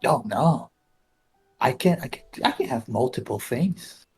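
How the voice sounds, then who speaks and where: Brief: a player as a clueless, chatty young knight, husky and rambling. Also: mid-range voice, expressive, measured pace, soft background music. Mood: goofy. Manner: stammering, rambling, awkward.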